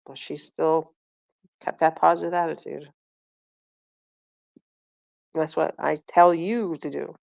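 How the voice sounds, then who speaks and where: A woman's voice: deep voice, level tone, slow, vocal fry, long pauses, a little mellow, no room sound, muffled recording. A middle-aged woman vlogging, telling a rambling story and acting out the quotes, with frequent self-corrections. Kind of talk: casual storytelling.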